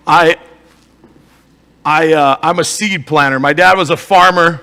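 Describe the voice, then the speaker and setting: A man's voice: a little high, a little slow, long pauses, bright, forceful tone, in a large hall. A man, a motivational speaker and life coach with an Upper Midwest American accent, giving an emphatic live talk to an audience and asking the crowd rhetorical questions. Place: stage in a hall.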